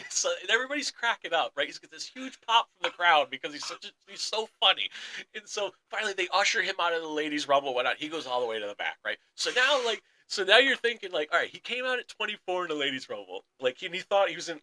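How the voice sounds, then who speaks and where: A young man co-hosting a sports podcast, excitedly retelling a wrestling story in casual chat and acting out the quotes. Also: high voice, fast talker, poor audio. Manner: excited storytelling, acts out quotes, laughs often. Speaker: podcast co-host.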